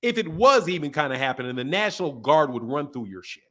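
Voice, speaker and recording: Animated, high-voiced ranting man. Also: fast talker. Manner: animated, emphatic, swears a lot. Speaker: boxing channel host. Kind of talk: casual profane podcast rant.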